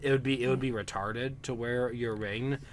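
A man's voice: mid-range voice, steady tone, normal speed. A young man co-hosting a casual chat, often restarting and repeating words as he thinks. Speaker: podcast co-host.

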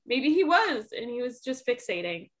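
A woman's voice: fairly high pitch, sing-song, moderate pace. A woman chiming in on a casual chat, hesitant, correcting details.

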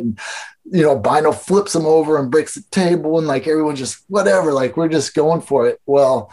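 A man's voice: mid-range voice, darkish tone. A man telling stories in a casual interview, loose and rambling, full of fillers and swearing. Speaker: guest. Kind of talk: casual storytelling chat.

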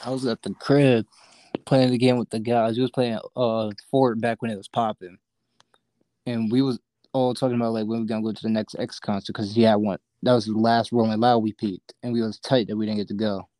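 A man's voice: fairly low pitch, level tone, fairly quick, dark tone, no room sound, low-quality recording. A young man, a podcast guest, telling a story in slangy, profane casual chat.

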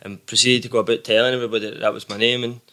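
A man's voice: medium pitch, flat delivery, very fast, sharp tone. A young Glaswegian man telling stories in a casual podcast chat, swearing now and then and laughing easily. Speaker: podcast guest, musician.

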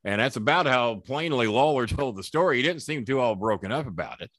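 A man's voice: mid-range voice, lively intonation, brisk, fairly bright tone, no echo, studio quality. Man in his sixties, rambling storyteller. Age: 60s. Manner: rambling anecdotal storyteller, salty. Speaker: podcast guest. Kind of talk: storytelling interview.

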